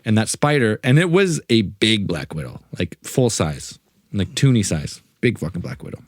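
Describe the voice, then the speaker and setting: A man's voice: on the low side, animated, moderate pace, no room sound, clean studio sound. A man co-hosting a podcast, telling a rambling, laid-back story. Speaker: podcast co-host. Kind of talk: casual storytelling.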